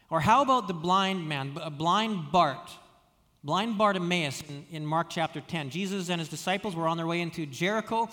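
A man preaching a sermon, telling stories with frequent restarts and stammered repeats, dropping soft when quoting. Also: on the high side, expressive, moderate pace, in a large hall. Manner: storytelling, many restarts and stammered repeats, drops soft for quoted words. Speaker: pastor.

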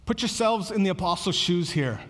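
A man's voice: high-pitched, expressive, a little fast, a bit bright, big-room sound. A man preaching a sermon as pastor, earnest and conversational, often repeating words as he goes.

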